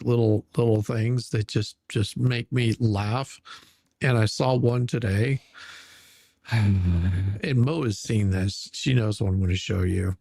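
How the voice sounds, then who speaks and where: A man's voice: medium pitch, vocal fry, a little mellow, dry recording. A male co-host chatting casually on a live stream, stumbling and repeating words as he goes and laughing easily. His voice sits mid-range with a dry, close sound.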